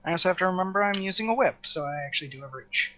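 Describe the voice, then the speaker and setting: Bright-voiced man playing a tabletop game. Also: high voice, expressive, rapid-fire. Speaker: player. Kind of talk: casual chat at the table.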